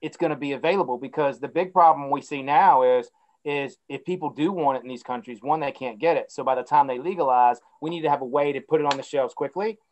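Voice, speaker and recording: A man answering as a guest in a casual interview, speaking at a middle pitch. He explains his ideas steadily and with a sense of purpose. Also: fast, lo-fi sound. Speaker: guest, company CEO.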